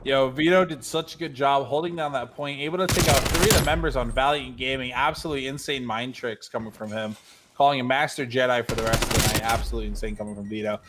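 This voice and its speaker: A man doing fast, excitable play-by-play commentary on an esports match. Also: mid-range voice, very noisy. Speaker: esports caster. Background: game gunfire and clicks.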